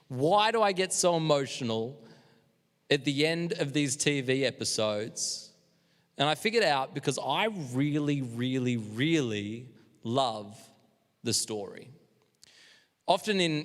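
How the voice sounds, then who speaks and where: A man leading a live youth service, talking in an energetic, chatty, self-deprecating way. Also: a little high. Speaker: youth leader. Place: church hall, live stream. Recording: long hall reverb.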